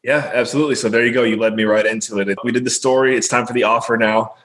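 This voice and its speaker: A man hosting a casual podcast interview, easygoing and quick to laugh, with loose, rambling phrasing. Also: medium pitch, steady tone, fairly bright tone, poor audio. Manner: easygoing, laughs often, many "like" fillers. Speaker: podcast host.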